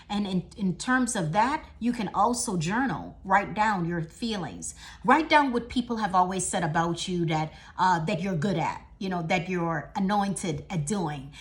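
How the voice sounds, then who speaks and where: A middle-aged woman giving a motivational talk, emphatic and repetitive, swinging from loud declarations to hushed lines. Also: lowish voice. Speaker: motivational speaker.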